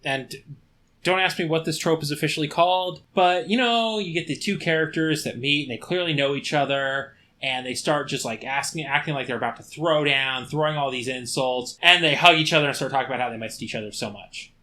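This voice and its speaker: A man's voice: on the high side, a little fast, bright, forceful tone, a little hiss or hum. A man co-hosting a comedy podcast, chatting casually and jokingly with frequent swearing. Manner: jokey, swears freely, slips into a gravelly put-on movie voice. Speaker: podcast co-host.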